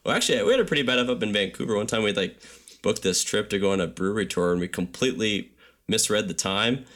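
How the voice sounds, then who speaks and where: A young man casually telling a travel story on a podcast, animated and full of filler words. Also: low voice.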